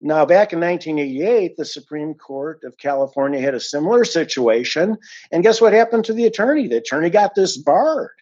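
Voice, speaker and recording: A man's voice: a little high, expressive, brisk, a little mellow, highs cut off. A man giving an indignant, emphatic account of a complaint as an unhappy client, stressing and repeating his points. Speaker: dissatisfied client giving a review.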